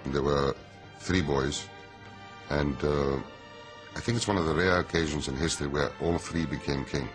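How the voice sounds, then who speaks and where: A man in an interview, telling family anecdotes in an unhurried way. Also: rumbling low, music in the background. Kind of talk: interview recollection.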